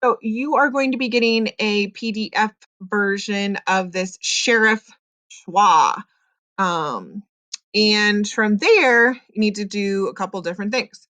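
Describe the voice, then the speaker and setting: A patient woman teacher walks young students through a phonics lesson, filling her pauses with ums. Her voice sits at a middle pitch. The recording is dry and close, with no room echo. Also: a bit bright. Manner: patient, explains slowly with many ums.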